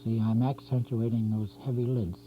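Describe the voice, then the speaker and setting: A man of ordinary pitch hosts a cartooning lesson, talking his way easily through every line he puts down. The sound is dull and lo-fi, like an old public-access TV tape, with a faint hum beneath him. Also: level tone, moderate pace. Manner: chatty, narrates each stroke as he draws. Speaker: drawing instructor and show host. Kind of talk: step-by-step drawing lesson.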